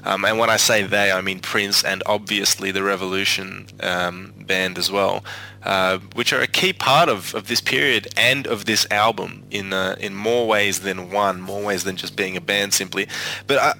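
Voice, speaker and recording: A man's voice: deep voice, fairly even intonation, normal speed, gravelly, bright, forceful tone, a little hiss or hum, low-quality recording. A man hosting a music podcast, talking casually with many fillers and restarts. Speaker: podcast host.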